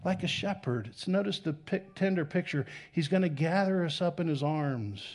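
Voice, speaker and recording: A man in his thirties preaching with real energy, his fairly high voice climbing on the big points. He drops to soft, intimate tones for the tender moments and then surges back up loudly. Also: moderate pace. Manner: animated, swings between loud emphasis and soft intimate tones. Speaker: pastor. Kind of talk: sermon.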